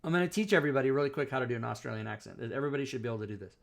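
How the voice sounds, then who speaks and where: A man's voice: mid-range voice, expressive, racing, gravelly. Man hosting a talk stream, jokey and teasing, walks through things step by step. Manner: playful, teasing, explains step by step. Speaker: talk show host. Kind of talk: casual live-stream chat.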